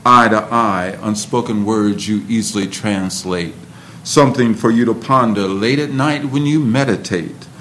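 A man who is a poet, performing spoken word poetry with a slow, rhythmic delivery and talking about his writing. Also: on the low side, fairly bright tone, slight background noise.

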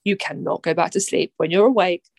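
A young woman, a poet talking candidly as a podcast guest, animated, swearing freely and often pausing on fillers. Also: on the low side, no echo, rough recording. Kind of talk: candid conversational chat.

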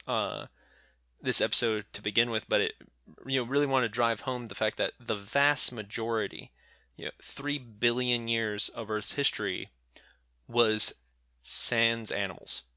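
A man co-hosting a science podcast, chiming in with jokey asides and relaxed banter. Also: medium pitch, normal speed, no echo, studio quality. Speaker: podcast co-host. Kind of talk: casual science podcast chat.

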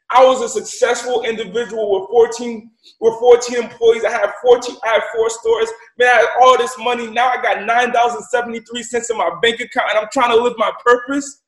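A man's voice: very high voice, little pitch movement, fairly quick, few pauses, fairly bright tone. A man telling a story as a guest, emphatic and profane, repeating lines for effect. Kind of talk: casual storytelling. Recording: roomy echo.

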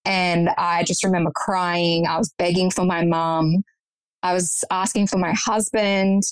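A woman's voice: lowish voice, little pitch movement, unhurried, clear, resonant tone, no room sound, poor audio. A young woman guest recounting a personal story in conversation, earnest and matter-of-fact.

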